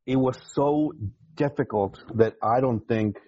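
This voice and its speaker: Husky-voiced man telling his story haltingly. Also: mid-range voice, muffled recording. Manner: emotional, halting, repeats words, laughs often. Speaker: podcast guest, retired navy chief. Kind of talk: candid storytelling in an interview.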